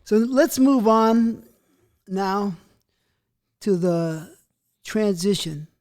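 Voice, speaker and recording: A man with a very high voice hosts a casual interview. He mostly chimes in with short reactions and questions. He sounds somewhat distant from the mic. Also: lively intonation, very slow, darkish tone.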